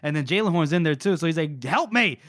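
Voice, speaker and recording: A man's voice: on the high side, quick pace, no room sound, clean studio sound. A man co-hosting a casual book podcast, retelling scenes animatedly, swearing and acting out the lines. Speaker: podcast co-host.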